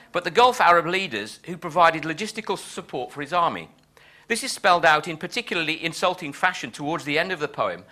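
A man giving a measured, explanatory academic lecture. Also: on the high side, bright, forceful tone.

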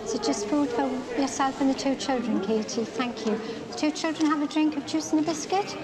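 A woman plays a cheerful food bank greeter who welcomes people in a bright, very high voice. A loud crowd chatters around her. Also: brisk, natural voice. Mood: welcoming. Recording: film scene with loud crowd behind.

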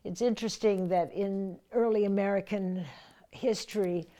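A woman's voice: mid-range voice, steady tone, normal speed, dark tone. A woman voice coach explaining how to breathe through verse lines, now and then reading lines aloud with force. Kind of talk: teaching verse speaking with readings.

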